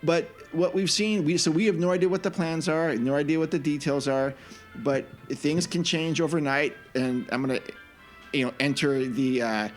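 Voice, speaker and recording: A man co-hosting a podcast in casual chat, animated, often restarting his sentences. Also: a little high, moderate pace, soft background music. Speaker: podcast co-host.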